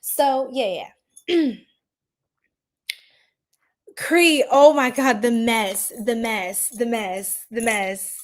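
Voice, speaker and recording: A woman's voice: a little high, extremely slow, pauses often. A woman with a New York accent hosting a casual astrology livestream, sassy and playful, laughing often and repeating herself.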